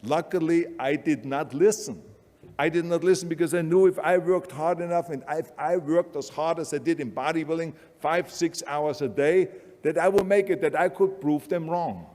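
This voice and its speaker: A man's voice: on the high side, normal speed, darkish tone, in a large hall, slight background noise. An older man with an Austrian accent giving a blunt, emphatic motivational speech. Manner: emphatic, blunt, repetitive urging. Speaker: motivational speaker.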